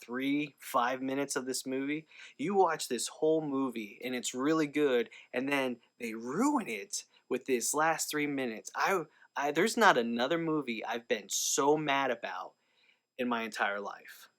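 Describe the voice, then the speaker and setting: A man's voice: mid-range voice, a little slow, fairly bright tone. A man talking casually to camera in a movie review vlog, rambling with lots of fillers and restarts.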